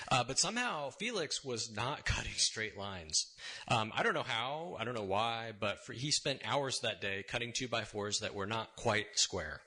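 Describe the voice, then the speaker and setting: A man preaches in a loose, storytelling way, wry and casual, often tossing a quick question back to his congregation. His voice is bright and forward, with an everyday middle pitch. He is speaking in a church sanctuary. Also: husky. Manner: casual, wry, checks in with "right?". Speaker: sermon speaker. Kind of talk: conversational sermon storytelling.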